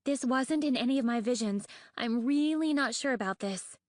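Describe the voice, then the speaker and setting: A woman voicing a panicky young female dragon in an audiobook, speaking in shrill, rushed squeaks. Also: no room sound, studio quality, close to an everyday voice. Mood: anxious. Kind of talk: audiobook character voice.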